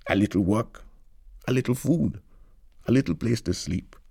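A man's voice: medium pitch, moderate pace, gravelly, warm tone, husky, no room sound, studio quality. A man reading the lines of a weary young man in London, with a brooding, lamenting manner.

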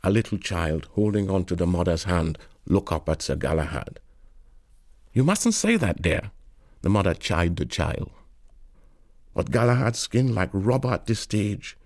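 A man's voice: low voice, normal speed, darkish tone, no room sound, studio quality. A man reading an audiobook aloud in dialect, with a lilting storytelling manner. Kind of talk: audiobook narration.

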